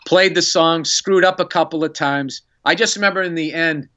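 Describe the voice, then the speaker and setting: A man, a comedian and podcast guest, telling an animated story in casual chat and acting out the quotes. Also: on the high side, moderate pace. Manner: animated, excitable storyteller who acts out quotes.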